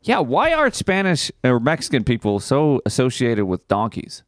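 A man's voice: mid-range voice, huge pitch swings, moderate pace, no echo, clean studio sound. A man co-hosting a podcast in casual, drunken banter, giggling and breaking into silly mock-announcer bits. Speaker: podcast co-host.

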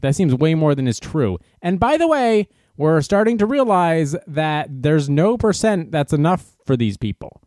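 A man giving casual opinion commentary in an animated, sarcastic way, laughing at his own jokes. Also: a little high, normal speed, hardly any pauses, no room sound, studio quality. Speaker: commentary host.

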